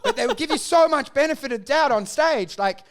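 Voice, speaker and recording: A man's voice: extremely high pitch, sing-song, fairly quick, gravelly. An Australian man and comedian in casual chat, ranting with lots of swearing and frequent laughter. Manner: profane, ranting, laughing often. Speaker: comedian, podcast guest.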